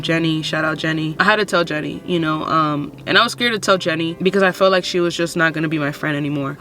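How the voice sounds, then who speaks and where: A woman's voice: deep voice, pushed and bright. A woman in her twenties telling her own story to camera in a casual, frank way, swearing often and filling with "like" and "you know". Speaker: vlogger.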